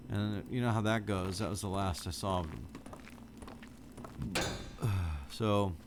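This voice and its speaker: A middle-aged man with a very low voice chats casually with his viewers while he plays, speaking into a studio microphone from his home setup. He rambles in a relaxed, sleepy way. A faint hiss sits underneath. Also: slow pace. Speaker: game streamer. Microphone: studio microphone with wired headphones.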